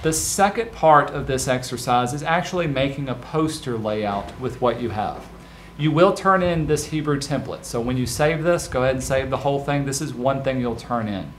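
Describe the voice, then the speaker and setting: Male instructor, mid-range voice, relaxed practical tutorial delivery, slight background hiss. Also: mid-range voice, normal speed. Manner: relaxed, practical, addresses students directly. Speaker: design instructor. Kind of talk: screen-recorded software tutorial.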